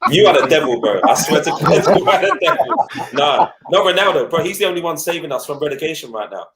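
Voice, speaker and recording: A man on a football podcast call, talking in an animated, joking way. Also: fairly high pitch, fast talker, roomy sound, very noisy. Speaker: podcast panelist. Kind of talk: casual banter.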